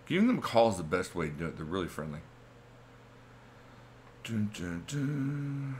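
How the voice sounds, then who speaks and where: A man's voice: low voice, wildly swooping pitch, racing, darkish tone, a little hiss or hum. A middle-aged man hosting a casual livestream, reading chat comments and laughing often in a chatty, laid-back way. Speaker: livestream host.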